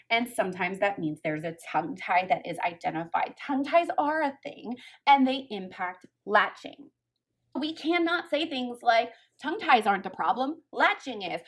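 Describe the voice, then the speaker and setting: A woman lactation consultant, giving emphatic, fired-up commentary in a folksy way. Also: a little high. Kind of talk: opinionated commentary to camera.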